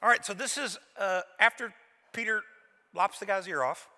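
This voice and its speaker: Bright-voiced pastor from Kentucky preaching. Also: male voice, sits high, normal speed. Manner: animated, dramatic storytelling with folksy humor. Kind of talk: sermon. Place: large church auditorium. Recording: reverberant church hall.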